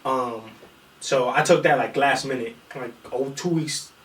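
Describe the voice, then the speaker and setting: A man's voice: mid-range voice, unhurried, fairly bright tone. Man telling a fight story in an echoey room. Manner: rambling, profane, acts out quotes. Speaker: podcast guest, amateur fighter. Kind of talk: casual storytelling chat. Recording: echoey room, far from mic, faint noise.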